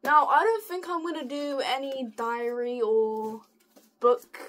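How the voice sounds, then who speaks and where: A young woman giving a casual tour of her sketchbook, excitable and giggly, sounding tired. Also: sits high, unhurried. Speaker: art student showing a sketchbook.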